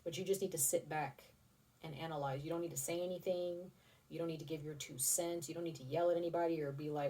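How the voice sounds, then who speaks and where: Low-voiced woman giving a casual tarot reading. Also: fairly even intonation, quick pace, warm tone, recorded from a distance. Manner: rambling, chatty, restarts and casual swearing. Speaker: tarot reader.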